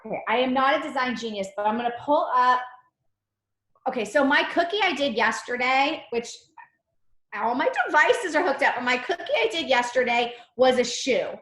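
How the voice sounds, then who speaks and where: A chatty, bubbly woman leads a live online cookie decorating class, rambling happily as she works. Her voice sits a little high and carries the echo of a roomy kitchen. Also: normal speed, a bit bright. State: slight cough. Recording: echoey room.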